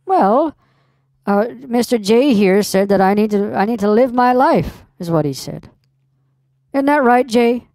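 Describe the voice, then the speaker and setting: A woman's voice: on the high side, lively intonation, a little slow, a little mellow, dry recording. A woman playing a tipsy, reckless mother who rambles and trails off, unbothered, in a scam-bait call. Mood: carefree. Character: tipsy reckless mother, middle-aged, carefree.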